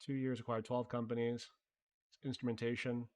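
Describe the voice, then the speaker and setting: Man, live stream host, casual chatty, thinking out loud, mid pitch. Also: level tone, normal speed. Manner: loose and conversational, thinking aloud, swears casually. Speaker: livestream host. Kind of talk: casual live stream chat reading viewer messages.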